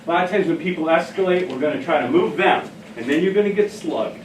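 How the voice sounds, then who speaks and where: A man with a fairly high voice runs a training workshop, telling stories in a casual, self-mocking way. He is picked up from across an echoey room. A faint hum of room noise sits behind him. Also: quick pace. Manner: casual, anecdotal, laughs at own stories. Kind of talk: workshop talk. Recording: echoey room, heard from a distance.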